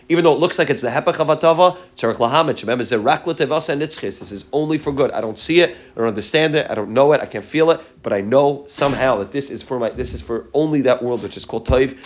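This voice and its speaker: A man teaching a Torah class, talking quickly and often repeating his phrases while mixing Hebrew and Yiddish terms into English. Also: mid-range voice. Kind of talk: fast-paced Torah class.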